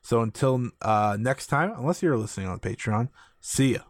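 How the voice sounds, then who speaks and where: A man's voice: mid-range voice, lively intonation, moderate pace, no room sound, studio quality. A man hosting a solo wrestling podcast, chatting enthusiastically with lots of fillers and repeated phrases. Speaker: podcast host.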